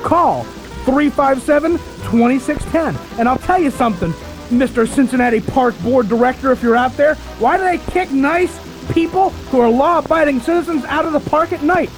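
A man's voice: very high-pitched, expressive, moderate pace, faint music behind, rough recording. A man co-hosting a casual radio talk show, brash, mocking and opinionated.

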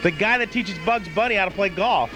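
A man co-hosting a late-night call-in radio show, peppering callers with quick questions. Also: high voice, over music. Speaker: radio co-host.

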